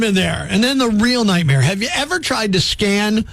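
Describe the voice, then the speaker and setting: A man with a notably high speaking voice hosting a morning radio show. He rants with comic exasperation and throws in sarcastic asides, speaking into a studio mic. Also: expressive, normal speed, creaky, a bit bright. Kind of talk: comedic radio talk and rant.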